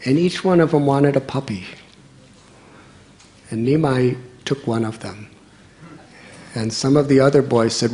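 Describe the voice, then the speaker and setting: A man giving a storytelling sermon as a monk, speaking gently with chuckling asides. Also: mid-range voice, unhurried, pauses often, a little hiss or hum.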